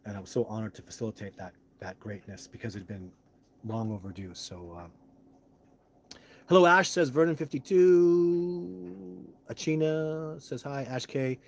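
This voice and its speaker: A man hosting a live stream, answering chat in a rambling way that heats up into loud, indignant rants with cursing. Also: fairly low pitch, normal speed, a little hiss or hum.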